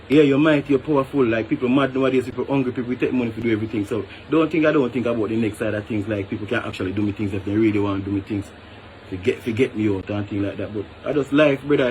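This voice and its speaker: A man's voice: medium pitch, darkish tone, a little hiss or hum. A man with a Jamaican accent, a hotel worker venting emphatically and tagging phrases with "brother". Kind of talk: venting to camera.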